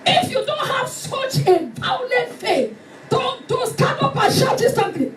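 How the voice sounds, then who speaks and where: A woman preacher delivering a fervent sermon, shouting and acting out stories. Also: very high voice, very animated, measured pace. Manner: fervent, shouting, dramatic retelling. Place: church hall. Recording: echoey hall from far off with music.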